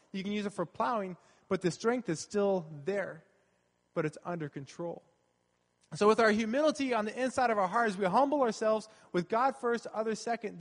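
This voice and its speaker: A man with a high voice preaches in an earnest, conversational way, going back over his main points. His voice carries a long reverb from a church hall. He sounds like a pastor talking straight to his congregation. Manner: earnest and conversational, repeating key phrases. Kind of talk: sermon.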